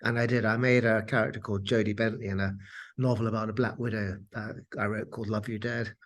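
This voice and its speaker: A man, an author, telling animated stories in an interview. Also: lowish voice, fast. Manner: animated storyteller. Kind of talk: interview, anecdotal storytelling.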